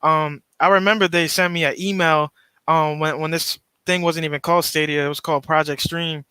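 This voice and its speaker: A man's voice: a little high, little pitch movement, a little fast, sharp tone, clean tone, no echo. A male guest on a casual podcast, speaking hesitantly with many fillers and repeated words.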